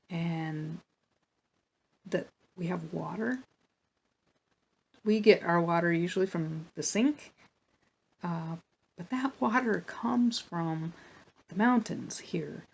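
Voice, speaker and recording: A woman reading a children's Bible story aloud for a church, in a plain, gentle storytelling manner with small asides. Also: fairly low pitch, vocal fry, husky.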